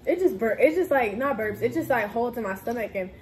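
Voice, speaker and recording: A woman's voice: a little high, lively intonation, a little fast, soft background music. A young woman chatting to camera during a soda challenge, giggly and playful, talking to her viewers with lots of "y'all" and burping from too much soda. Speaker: vlogger doing a soda challenge. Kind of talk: casual chat to camera. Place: house, indoors.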